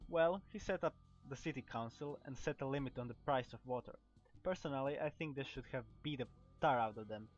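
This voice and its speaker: A gossipy, talkative female weapon dealer from a video game, voiced by a man with a Croatian accent. She rambles and trips over words, in a middle-pitched voice. The recording sounds dull, with faint game music underneath. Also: brisk, lightly acted. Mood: chatty. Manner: reads lines aloud with stumbles and restarts.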